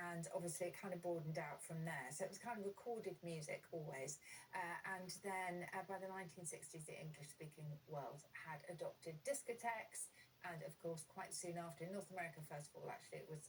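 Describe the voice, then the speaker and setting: Woman, lowish voice, chatty word-origin expert, heard a bit off-mic with faint hiss. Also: fairly even intonation, a little fast, recorded from a distance, low-quality recording. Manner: enthusiastic, explaining with many ums and uhs.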